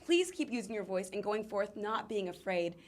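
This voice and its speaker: A woman's voice: medium pitch, animated, moderate pace, darkish tone. A young adult woman hosting an interview show, effusive and gushing, laughing a lot, heavily pregnant. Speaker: host. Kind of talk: casual interview chat.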